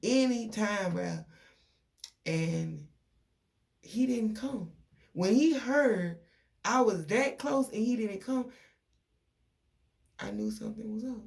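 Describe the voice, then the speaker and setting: Gravelly young woman venting. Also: on the high side, takes it slowly, long pauses. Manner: animated, venting, quotes people in dialogue. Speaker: vlogger. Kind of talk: casual storytelling to viewers.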